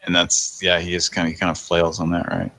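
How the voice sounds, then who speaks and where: A tired man in his thirties hosts a late-night show, his voice very low with a gravelly fry. He chats loosely, thinks out loud and chuckles often, recorded close and dry. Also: completely flat delivery, fairly quick, dry recording. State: tired, yawning. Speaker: podcast host. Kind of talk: casual live-show chat.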